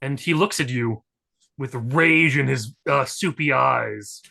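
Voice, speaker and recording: A man's voice: mid-range voice, slow pace, vocal fry, sharp tone. A man narrating as game master of a tabletop role-playing game, laid-back and joking, with fillers.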